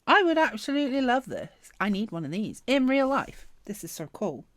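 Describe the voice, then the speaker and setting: A woman chatting casually through a planner sticker unboxing, gushing and excitable, often trailing off mid-sentence. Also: fairly high pitch, fairly quick, no room sound. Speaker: planner vlogger.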